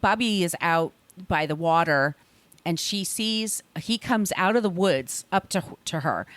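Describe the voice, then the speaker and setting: A woman co-hosting a podcast, retelling a film scene in a casual, animated way and acting out the lines. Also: fairly low pitch, unhurried, dry recording. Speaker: podcast co-host.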